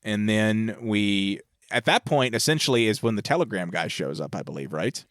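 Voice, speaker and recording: A man co-hosting a podcast in casual chat, retelling scenes with animated energy. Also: on the low side, normal speed, dry recording, clean studio sound. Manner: animated retelling, acts out movie lines. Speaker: podcast co-host.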